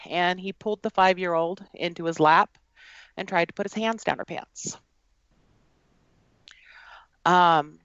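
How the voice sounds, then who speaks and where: A woman telling a personal story in an earnest, halting way, with frequent fillers. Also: fairly low pitch, fairly bright tone, dry recording, lo-fi sound. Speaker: guest. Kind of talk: personal storytelling in a podcast conversation.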